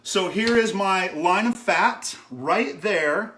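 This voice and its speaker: Chatty man chef, high voice, echoey kitchen. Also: takes it slowly, sharp tone. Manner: chatty, says "okay?" often, greets viewers by name. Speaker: chef hosting a cooking stream. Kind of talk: casual live cooking demo. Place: home kitchen.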